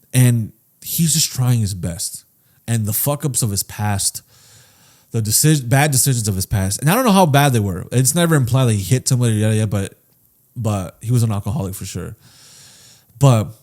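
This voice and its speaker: A man's voice: medium pitch, darkish tone. A man hosting a podcast, talking casually and earnestly, swearing often and restarting his sentences as he reflects. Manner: candid and reflective. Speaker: podcast host.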